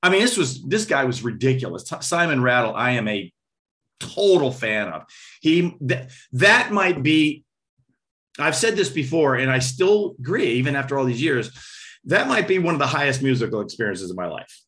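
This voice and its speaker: A man's voice: mid-range voice, normal speed. A man, a guest drummer and percussionist, telling stories in a casual interview, vocalizing rhythms and acting out what people said. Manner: animated, vocalizes rhythms and acts out quotes.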